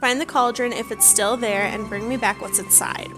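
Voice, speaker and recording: A woman's voice: a little high, fairly even intonation, normal speed, close to an everyday voice. A woman voicing a kindly female researcher who studies hot springs, reading the quest lines in her plain voice. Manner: read aloud in her own plain voice. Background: game music.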